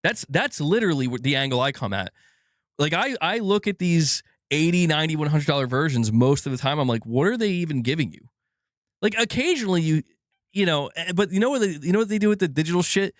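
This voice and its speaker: A man's voice: a little high, lively intonation, fast talker, no room sound, studio quality. A man in his thirties hosting a gaming channel, ranting casually with frustration, swearing and stumbling over restarts. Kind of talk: casual livestream rant.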